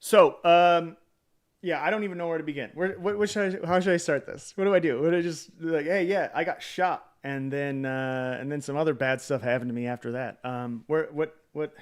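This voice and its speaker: A man's voice: fairly high pitch, brisk. A man streaming live in a casual chat, greeting viewers by name, rambling with hesitant fillers and self-deprecating jokes.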